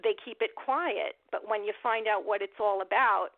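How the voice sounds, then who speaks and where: A woman's voice: medium pitch, normal speed, vocal fry, no room sound. Emotional woman on a tinny phone line. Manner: emotional, rambling, many fillers and restarts. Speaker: guest, animal rights activist. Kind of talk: telling a personal story in an interview.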